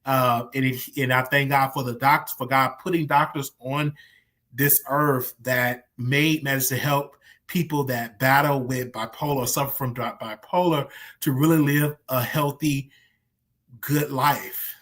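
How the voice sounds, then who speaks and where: A man's voice: mid-range voice, fairly even intonation, unhurried, fairly bright tone. A man hosting a livestream, talking candidly and animatedly about his own past, often repeating himself for emphasis. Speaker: show host. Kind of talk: casual livestream commentary.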